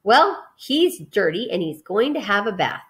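A woman's voice: mid-range voice, very animated, fairly bright tone. A woman doing a bossy farm wife. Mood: insistent. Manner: brisk, insistent.

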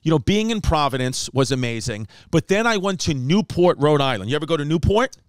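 Animated male comic host, smooth clear voice. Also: a little fast, dry recording, studio quality. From New York. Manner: animated, raises pitch for quoted voices. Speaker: podcast host and comedian. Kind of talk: casual storytelling chat.

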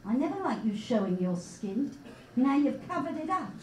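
A woman's voice: high voice, very animated, moderate pace, reverberant, recorded from a distance, crowd noise, rough recording. A woman with an English accent doing a stand-up set, full of dry, mock-sweet sarcasm. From England and Israel. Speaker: stand-up comedian. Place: small comedy bar stage.

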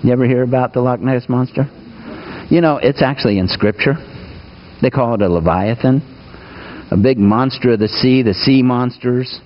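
A man preaching a sermon, asking his listeners questions and moving between raised, urgent lines and hushed asides. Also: mid-range voice, normal speed, dull audio. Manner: asks the congregation questions, swings between raised and hushed delivery. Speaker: pastor.

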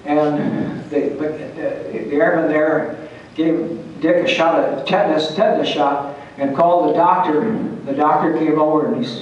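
At a historical society meeting, an older retired Air Force pilot casually tells salty, folksy tales, with chuckles and false starts. His voice is a little high, a little mellow and fairly even, and he's in no hurry. The recording is muffled, distant and very echoey in the large hall, with slight background noise.

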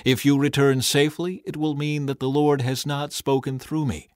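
A man's voice: medium pitch, flat delivery, normal speed, no room sound, pitched above the performer's own voice, close to an everyday voice. Micaiah, a man reading as a stern prophet. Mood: firm. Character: defiant male prophet, stern and unbending.

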